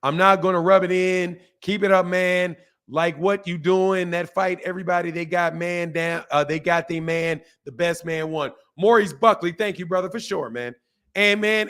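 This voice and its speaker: An older man from Omaha chats through a boxing livestream in a loose, slangy way, laughing as he answers his viewers. His voice sits a touch high for a man, and he talks casually and off the cuff. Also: creaky, a bit bright. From Omaha, United States.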